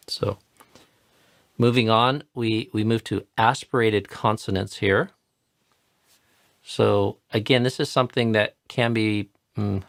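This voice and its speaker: A man's voice: on the low side, gravelly, dry recording, clean studio sound. A man patiently explaining and modeling pronunciation in a live chanting tutorial. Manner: patient, explanatory, repeats words slowly to model sounds. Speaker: chanting teacher.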